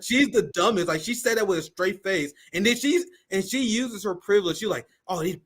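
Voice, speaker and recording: A man with a fairly high voice hosts a political livestream. He talks in a heated, blunt way, swears freely, and reads out viewer donations. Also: brisk, a bit bright. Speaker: host. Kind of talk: live-stream political commentary.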